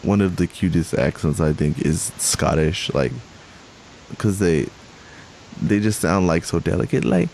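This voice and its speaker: A young adult man co-hosts a podcast, chatting casually in a low, gravelly voice with a darkish tone. He's animated but keeps a measured pace, rambling, restarting and correcting himself, and laughing often. Faint hiss sits under the recording.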